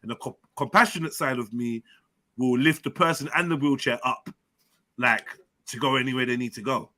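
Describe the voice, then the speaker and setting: A man hosting a live-stream chat show, telling stories in an animated way, full of slang and swearing. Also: medium pitch, normal speed. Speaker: host and personal trainer.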